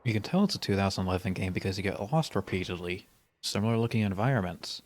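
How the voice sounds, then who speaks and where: A man's voice: lowish voice, quick pace. A male streamer giving casual, rambling commentary while playing a game, with dry, wry humor. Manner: rambling asides.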